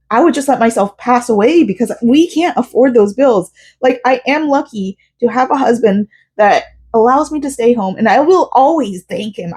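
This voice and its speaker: A woman's voice: medium pitch, darkish tone, husky. A young woman from Central Florida, talking emotionally and rambling with many fillers in a personal vlog. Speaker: vlogger.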